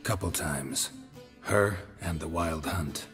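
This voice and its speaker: A stoic, grizzled monster hunter who speaks in short, dry lines. His voice is extremely deep and hangs in a long reverb tail, with faint game music behind. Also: slow pace. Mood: grim. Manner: terse, dry, flat delivery. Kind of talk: video game voice acting.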